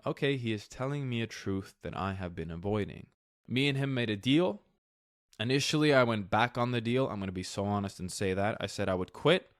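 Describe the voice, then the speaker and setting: Candid low-voiced man hosting solo podcast. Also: no room sound, clean studio sound. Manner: candid, reflective, casual with swearing. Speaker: podcast host.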